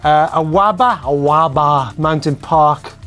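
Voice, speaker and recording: A man's voice: fairly high pitch, slow, a bit bright, faint music behind. A man hosting a casual studio show, chatty and playful as he reads out viewer comments. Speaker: show host.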